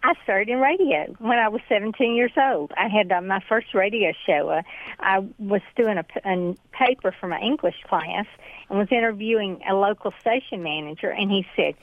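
A woman's voice: medium pitch, normal speed, dry recording. Southern woman with a tinny, dry sound. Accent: Southern US (Georgia). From Georgia, US. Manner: chatty, drawling, laughs easily. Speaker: author and guest. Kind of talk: morning show interview. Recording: dry, thin phone-like sound.

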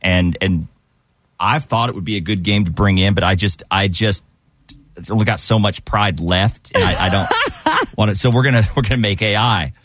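A man's voice: lowish voice, normal speed, no room sound. A man co-hosting a morning radio show, playful and upbeat as he runs a call-in game. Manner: animated, playful.

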